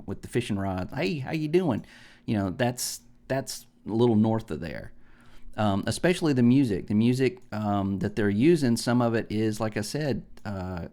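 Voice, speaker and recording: A man's voice: fairly low pitch, darkish tone. A man from the American South, chatting on a gaming podcast, rambling and opinionated with lots of ums and restarts. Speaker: podcast host. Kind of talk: casual podcast chat.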